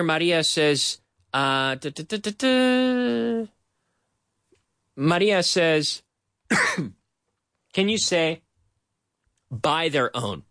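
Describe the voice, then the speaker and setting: A man runs a live-streamed English lesson, drilling each phrase over and over and slipping between English and Spanish. His voice sits a bit high and swings widely in pitch. The sound is dry and close. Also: bright, forceful tone, dry recording. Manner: drills phrases by repeating them slowly. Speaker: English teacher.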